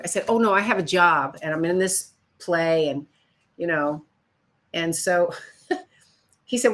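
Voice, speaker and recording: A woman's voice: measured pace, long pauses. An older woman from Chicago telling stories about her career in an interview, acting out other people's lines. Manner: animated storyteller, acts out quotes in higher voices. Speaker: guest. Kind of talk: storytelling interview.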